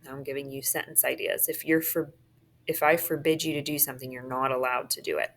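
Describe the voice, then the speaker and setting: A woman's voice: a bass voice, steady tone, fairly quick, a bit bright. A woman teacher walking students through a phonics worksheet, often checking in with "okay?" as she marks words. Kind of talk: phonics lesson walkthrough.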